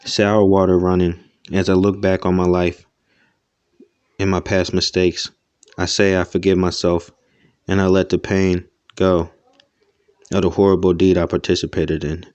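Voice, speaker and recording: A man narrating a first-person audiobook in a steady, monotone reading. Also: sits low, moderate pace, smooth, no room sound, highs cut off.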